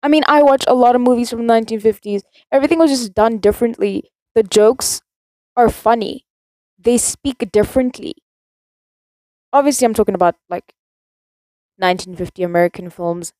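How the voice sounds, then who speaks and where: Speaking briskly in a slightly high, mellow voice, a teen girl from South Africa rambles through a casual rant on her podcast. She is chatty and keeps contradicting herself. There is no echo.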